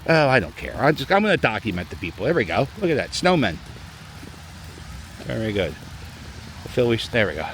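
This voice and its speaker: A man's voice: mid-range voice, big pitch swings, brisk, pauses often, a bit bright, slight background noise. A middle-aged man, vlogging outdoors on a snowy city plaza, talking chattily in a joking, rambling way into a handheld camera as he walks. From Philadelphia. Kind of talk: casual walking vlog commentary.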